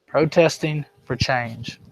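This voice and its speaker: A man's voice: mid-range voice, measured pace, no echo. A man teaching a history lesson to his class in a classroom, talking in a loose, conversational way and often checking whether students are keeping up. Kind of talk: classroom lecture.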